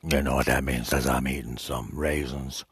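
A man's voice: rumbling low, fairly even intonation, moderate pace, a little hiss or hum. A man from Detroit hosting a crude, rambling solo radio show, cursing and mock-insulting his listeners as he talks. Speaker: radio host.

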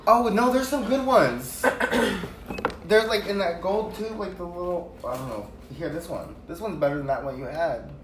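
Chatty guy talking makeup, kinda high voice, roomy and noisy. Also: unhurried. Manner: chatty, animated storytelling. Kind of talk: casual chat while doing makeup. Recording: echoey room, distant mic, noisy background.

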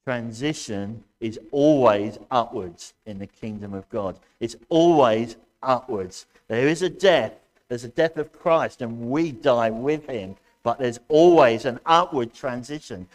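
A man's voice: medium pitch, unhurried. Man preaching a fiery sermon. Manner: impassioned, loud preaching with sudden shouts; addresses congregation directly, asks questions. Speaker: pastor. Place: church.

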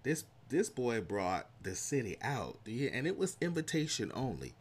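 A man with a Southern US country accent reading a history passage aloud and then chatting casually about his weekend, lively and slangy. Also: mid-range voice, moderate pace. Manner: animated, drawls and trails off, slangy asides. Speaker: vlogger. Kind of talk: casual vlog talk with a read-aloud segment.

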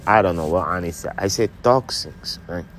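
A man chatting casually outdoors on a cold morning, animated, sprinkling his talk with "honey" and "man.". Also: low-pitched, normal speed, slight background noise. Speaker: vlog co-host. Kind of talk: casual banter while doing chores.

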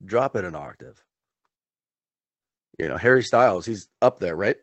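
A man's voice: on the low side, animated, moderate pace, fairly bright tone, no echo, highs cut off. A man co-hosting a podcast, chatting casually in a rambling, laid-back way with small chuckles. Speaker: podcast co-host. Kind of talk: casual chat.

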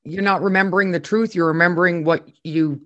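A man, a former radio host now co-hosting a podcast, chatting casually and jokingly, with sudden loud laughing outbursts. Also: high-pitched, steady tone, brisk, dull audio. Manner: jokey, breaks into loud laughing exclamations. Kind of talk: casual chat.

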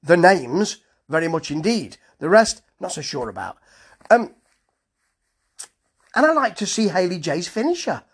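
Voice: medium pitch, sing-song, a little slow, pauses often, husky. A reviewer casually running through a wrestling show, dropping dry, sardonic asides.

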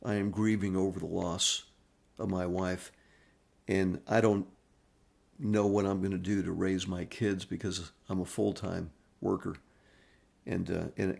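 A man voicing a young father who has just lost his wife, speaking softly and apologetically. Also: low-pitched, creaky, breathy edge, full character voice. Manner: soft, apologetic, subdued. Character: grieving young father, newly widowed.

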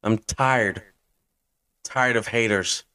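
Slow, low-voiced young man ranting. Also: fairly even intonation, bright, forceful tone, clear, resonant tone. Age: 20s. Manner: hyped-up, blunt fan rant with swearing. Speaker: podcast host. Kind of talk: fantasy football podcast rant.

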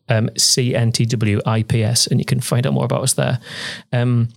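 Male podcast host, casual chatty delivery, slight gravel in the voice, faint music under him, close studio mic. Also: medium pitch. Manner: friendly, chatty, with frequent ums and restarts. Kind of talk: casual chat. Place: at home during lockdown. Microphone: studio microphone.

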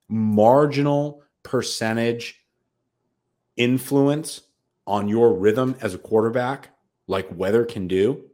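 With a lowish, darkish voice, this American co-host of a sports betting podcast talks casually but brashly, swearing and sounding hyped up.

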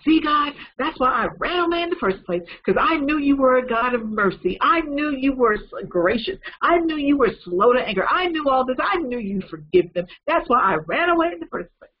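A man's voice: very high voice, animated, fairly quick, hardly any pauses, lo-fi sound, a little hiss or hum, voice pushed up. A man voicing an angry, sulking male prophet who complains in a raised, indignant voice.

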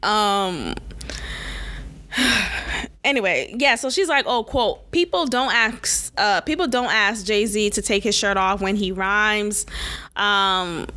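A woman hosting her own podcast, giving blunt, sassy commentary with sudden emphatic jumps in pitch. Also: animated, takes it slowly, pushed and bright. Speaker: podcast host. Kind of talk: casual opinion commentary.

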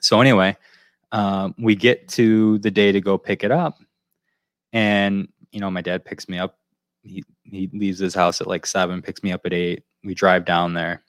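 In a casual podcast chat, a male co-host spins out a long, meandering story and keeps circling back to find his thread. His very deep voice comes at a moderate pace with a flat delivery, recorded dry and close with no room sound.

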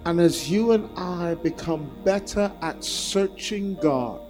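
A man preaching a sermon as a visiting speaker, telling a story in an animated and self-deprecating way. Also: high voice, takes it slowly, over music.

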